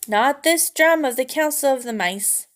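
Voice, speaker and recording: A woman's voice: high voice, expressive, moderate pace, a bit bright, pitched above the performer's own voice. Woman doing a vain, scoffing mother mouse. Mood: dismissive. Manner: exasperated, scoffing. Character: vain, dismissive mother mouse with French airs. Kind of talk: storybook read-aloud.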